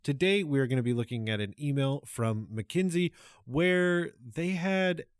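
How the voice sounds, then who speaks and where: A man's voice: on the high side, animated, a little slow, smooth, dry recording, studio quality. Upbeat man hosting a podcast segment. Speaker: podcast host. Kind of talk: scripted segment intro.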